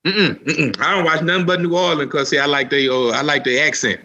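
A man, co-hosting a podcast in casual chat and telling animated stories. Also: a little high, a little fast, lo-fi sound. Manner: animated storyteller, repeats "let me tell you something". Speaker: podcast co-host.

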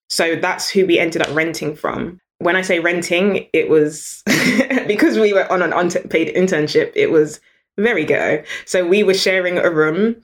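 A British woman, a guest in an interview, telling stories in an animated, chatty way and laughing often. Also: lowish voice, moderate pace. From Britain. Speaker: guest entrepreneur. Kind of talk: storytelling in an interview.

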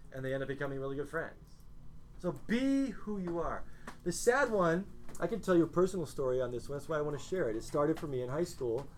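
A male teacher giving a classroom lecture, earnest and animated as he talks to his students. His voice sits a little on the high side, with a faint hum of noise behind it.

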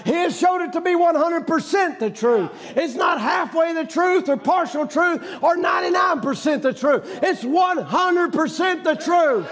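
A man preaching a fiery sermon, shouting emphatically and hammering home repeated rhetorical questions. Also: very high voice, lively intonation, normal speed, few pauses, a faint crowd.

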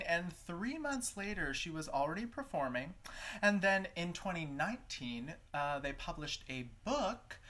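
A woman hosting a podcast who introduces her guests with upbeat enthusiasm. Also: on the low side. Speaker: podcast host.

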